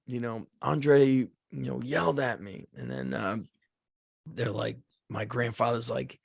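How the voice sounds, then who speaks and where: Gravelly-voiced man telling a story. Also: medium pitch, measured pace, dry recording, clean studio sound. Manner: animated storyteller, acts out shouted quotes, frequent "like". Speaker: podcast host. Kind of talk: casual storytelling.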